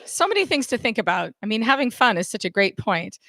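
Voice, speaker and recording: A woman's voice: a little high, big pitch swings, fast talker, bright, forceful tone, a little hiss or hum. A woman hosting a webcast who hands off to the next speaker in a bubbly, casual way. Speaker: host. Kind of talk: casual chat.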